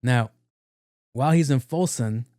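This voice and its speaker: A man's voice: mid-range voice, measured pace, dark tone, dry recording, studio quality. A man hosting a podcast, retelling a story in a loose, slangy, profane way. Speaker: podcast host. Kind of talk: casual film recap storytelling.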